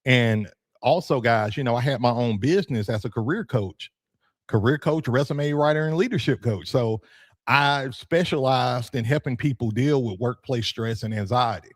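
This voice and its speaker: An animated man in casual podcast talk, joking and laughing often as he makes his points. His delivery is loose and conversational, with plenty of casual swearing. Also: mid-range voice, normal speed. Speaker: youth football coach and podcast host. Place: room with his degree on the wall.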